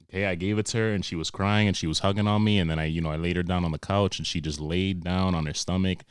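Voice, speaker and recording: A young man, hosting a podcast and telling comic stories in a profane, animated way with sarcastic asides. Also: low voice, quick pace, clear, resonant tone, no room sound, studio quality. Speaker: podcast host. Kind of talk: comedic monologue.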